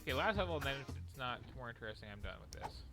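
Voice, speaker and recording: Man, lively up-and-down voice, gaming commentary, music behind. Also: mid-range voice, racing. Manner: distracted, commenting on the game. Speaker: streamer playing a game. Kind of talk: casual chat while gaming.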